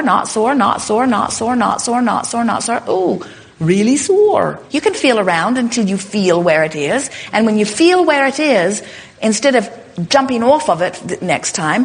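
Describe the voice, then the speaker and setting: Emphatic woman teaching a workshop audience. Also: mid-range voice. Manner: emphatic and explanatory, often saying "in other words" and "you see"; acts out short quoted lines in a lifted voice. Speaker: spiritual teacher answering audience questions. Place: live workshop in front of an audience.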